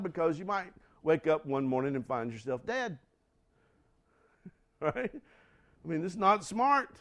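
A man preaching a sermon, acting out dialogue and putting questions to the congregation, swinging from loud outbursts to quiet asides. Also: high voice. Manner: acts out quoted dialogue, asks the congregation questions. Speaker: pastor.

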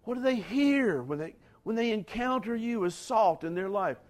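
A man preaching a sermon, talking straight to his congregation with conversational asides and building to forceful emphatic lines. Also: high voice, expressive, moderate pace. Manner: rising to emphatic near-shouts on key lines. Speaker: pastor.

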